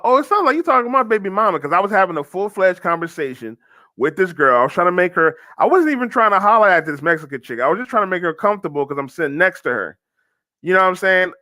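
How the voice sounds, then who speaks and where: Bright-voiced man telling a rambling story. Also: sits high, no room sound, studio quality. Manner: rambling storytelling with frequent restarts. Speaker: host. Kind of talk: casual commentary on videos.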